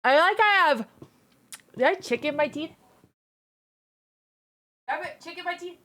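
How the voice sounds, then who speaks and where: A woman's voice: very high-pitched, animated, normal speed, a bit bright. A young adult woman streaming live, chatting casually and playfully, teasing and greeting her viewers by name. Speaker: livestreamer. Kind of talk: casual livestream chat.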